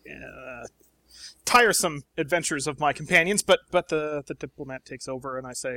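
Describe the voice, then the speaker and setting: A man plays a tabletop role-playing game, describing his character's actions with wry humor. His voice sits a bit high, and it is recorded close and dry. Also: moderate pace, bright, forceful tone, no room sound. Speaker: player.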